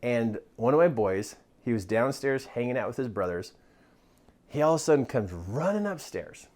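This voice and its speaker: A man giving a motivational talk as a self-help mentor, drawing as he speaks, animated and laughing often. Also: medium pitch, normal speed.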